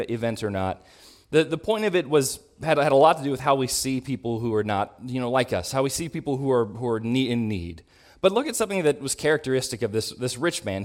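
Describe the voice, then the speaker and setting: Working thoughtfully through a Bible lesson for his congregation, a preacher with a mid-range voice occasionally clears his throat and fixes his reading as he goes.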